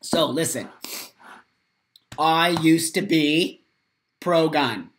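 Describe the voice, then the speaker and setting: A man's voice: fairly high pitch, very slow, a bit bright, slight background noise. An American man hosting a live morning vlog, reading viewer comments aloud and ranting angrily with lots of swearing and repeated phrases. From United States. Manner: angry, profane ranting.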